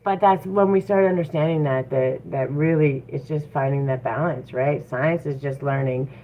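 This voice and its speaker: Low-voiced woman on tinny audio. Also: moderate pace. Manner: chatty and encouraging, with frequent fillers. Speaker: tarot reader. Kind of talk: casual livestream reading. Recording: tinny phone-like audio with faint noise.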